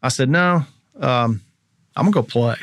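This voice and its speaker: Man telling a story with lively quoted voices. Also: mid-range voice, normal speed, dry recording, studio quality. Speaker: guest, former pro baseball pitcher. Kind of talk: casual storytelling interview.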